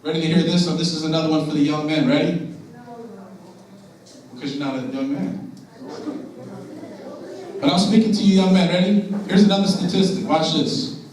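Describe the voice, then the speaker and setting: A young man with a slightly high, somewhat mellow voice addresses students earnestly at a school assembly, speaking at a moderate pace with long pauses. As a motivational speaker, he poses questions and urges them to listen. He's miked from a distance in a large school room, so the audio is very echoey.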